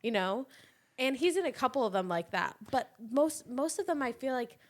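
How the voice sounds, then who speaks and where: A woman's voice: sits high, expressive, normal speed. A woman co-hosting a casual podcast chat, giving opinions at length. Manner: opinionated, talks things through. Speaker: podcast co-host.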